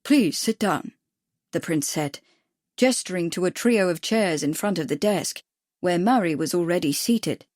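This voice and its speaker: A woman narrating a period mystery audiobook in a measured, even storytelling manner on a close mic. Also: lowish voice, dry recording. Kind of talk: scripted narration.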